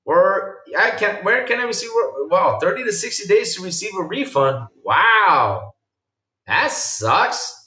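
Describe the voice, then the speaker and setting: A man's voice: high voice, unhurried, roomy sound, recorded from a distance. Man hosting a casual live stream. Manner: animated, exclaims and reads chat aloud. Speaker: podcast host reading chat.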